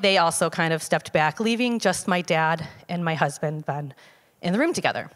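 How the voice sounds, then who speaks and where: A woman telling a personal testimony to a church congregation in a conversational, halting way, with frequent fillers and restarts. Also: lowish voice, a bit bright. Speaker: church member giving a testimony. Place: church sanctuary. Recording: long hall reverb.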